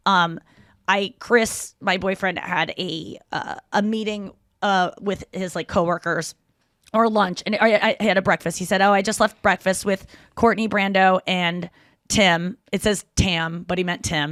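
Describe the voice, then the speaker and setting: Woman podcast host, mid-pitched, animated storyteller who acts out the lines, dry close mic. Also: dry recording. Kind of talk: casual chat.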